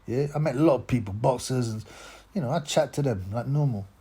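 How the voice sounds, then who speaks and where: A man's voice: mid-range voice, fairly quick, dark tone, husky. A man hosting a boxing channel, talking in a rambling, mocking rant with lots of stammered restarts. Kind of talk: casual rant to camera.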